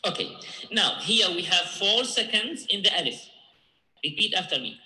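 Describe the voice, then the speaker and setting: Male teacher, high and very bright voice, patient drill style, echoey room. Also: lively intonation. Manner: patient, repeats points and checks with "okay?"; chants Arabic verses louder and faster. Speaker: Quran recitation teacher. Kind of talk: tajweed lesson with repeat-after-me drills.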